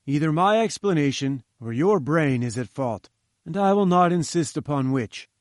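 A man's voice: a little high, lively intonation, moderate pace, no echo, studio quality, close to an everyday voice. A man voicing a domineering older male scientist, speaking in a commanding, dismissive and grandly emphatic way. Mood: curt, haughty. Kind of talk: audiobook character reading.

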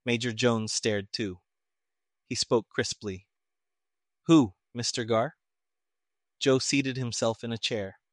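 A man narrating a story as an audiobook narrator, reading in a steady, even way. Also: mid-range voice, unhurried, no room sound, studio quality.

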